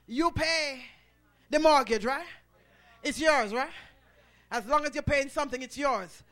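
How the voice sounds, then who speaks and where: A man preaching a sermon, swelling into shouted, rhythmic phrases punctuated by "uh" and calling on the congregation to respond. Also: very high voice.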